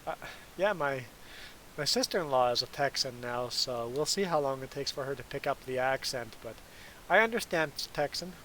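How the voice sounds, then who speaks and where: A man's voice: medium pitch, animated, moderate pace, pushed and bright, slight background noise, rough recording. A man from Canada whose first language is German, chatting casually with his viewers in a livestream Q&A and often laughing as he rambles. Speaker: trucker streamer answering chat.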